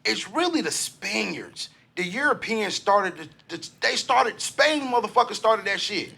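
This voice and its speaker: A man hosting a casual podcast, loud, profane joking banter on a close studio mic. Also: high voice, very animated, measured pace, gravelly, slightly rough. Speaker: podcast host.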